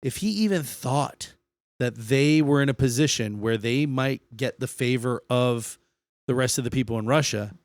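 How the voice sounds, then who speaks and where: A man's voice: mid-range voice, normal speed, dry recording, clean studio sound. A man co-hosting a podcast, casually explaining history and swearing a lot. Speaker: podcast co-host.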